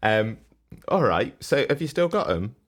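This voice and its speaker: A man's voice: medium pitch, sing-song, a little slow. A man co-hosting a comedy podcast, teasing and rambling, laughing often. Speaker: podcast co-host. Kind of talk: casual comedic podcast chat.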